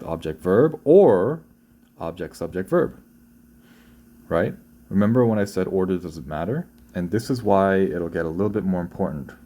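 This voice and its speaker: A man's voice: low-pitched, mellow. A man teaching a beginner Korean lesson in English, explaining sentence order in a loose, conversational way and often checking in with "right?".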